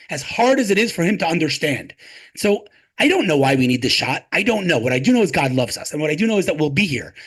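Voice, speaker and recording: A tech advocate speaks passionately as an interview guest, emphatic and heavy on rhetorical questions and repeated phrases. His voice is high-pitched, fairly bright, and slightly rough.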